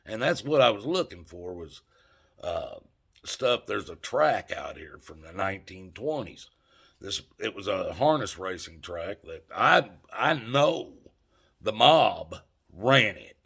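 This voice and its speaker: Gravelly man telling a story. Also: lowish voice, big pitch swings, slow pace, a bit bright. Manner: folksy, emphatic, addresses viewers as folks. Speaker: channel host. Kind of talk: casual storytelling.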